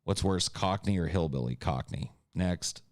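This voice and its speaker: Deep-voiced man in a crude comedic rant. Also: measured pace, no room sound, studio quality. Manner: crude, joking, ranting. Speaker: podcast host. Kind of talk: casual comedic podcast chat.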